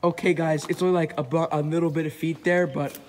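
A man's voice: fairly high pitch, little pitch movement, fast. A young man clowning around as a mock detective, narrating a goofy documentary outdoors. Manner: goofy, loud, joking. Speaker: vlogger. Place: outdoors by a river and tunnel. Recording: echoey, distant, noisy outdoors.

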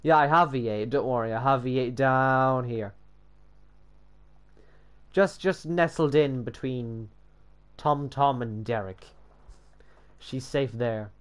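A man's voice: medium pitch, slow, pauses often, clean tone, muffled recording. A young man giving casual gameplay commentary while building, sweary and sarcastic, often muttering to himself. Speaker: gamer building in a block game.

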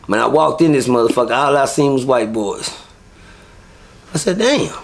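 A man, a guest in an interview, telling stories in a casual, profane and animated way. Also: mid-range voice, moderate pace, creaky, a little hiss or hum. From Texas. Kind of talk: casual storytelling.

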